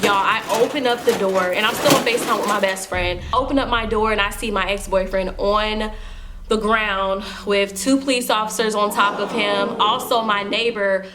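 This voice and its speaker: A woman's voice: mid-range voice, steady tone, normal speed, background noise. A young woman telling a personal story to her viewers in a casual, emphatic storytime vlog. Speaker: vlogger.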